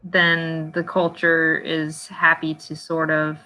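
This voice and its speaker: A woman co-hosting a casual podcast interview, thoughtful and even in delivery. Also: low voice, slow. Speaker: podcast co-host. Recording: muffled lo-fi audio with faint background noise.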